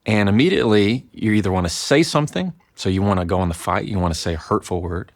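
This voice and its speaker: A man in his thirties, a guest in a podcast interview, explaining communication and acting out arguments in lively quoted voices. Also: lowish voice, fast talker, no room sound, clean studio sound. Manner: lively storyteller who acts out both sides of an argument in quoted voices. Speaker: guest, lawyer and communication coach.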